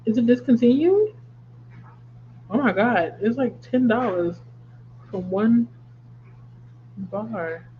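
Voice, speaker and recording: A woman's voice: on the high side, lively intonation, slow, long pauses. A woman in her thirties hosting a casual craft livestream, chatting and reacting to viewer comments with laughs. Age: 30s. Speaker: livestream host. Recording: slightly dull stream audio with faint hum.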